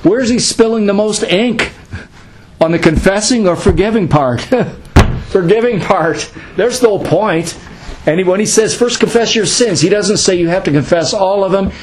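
A man's voice: sits high, normal speed, slight background noise, rough recording. Middle-aged pastor guy teaching a class, chatty, asks and answers his own questions.

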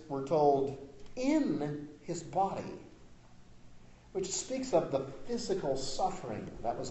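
A man preaching a sermon as pastor. He is emphatic, rising to loud declarations and dropping to quiet asides. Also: medium pitch, reverberant, low-quality recording.

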